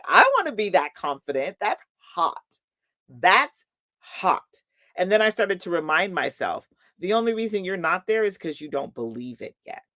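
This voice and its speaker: A woman's voice: low voice, no room sound. A woman hosting a motivational live talk who laughs often and calls her listeners honey and y'all. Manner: laughs often between points. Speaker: host and motivational coach.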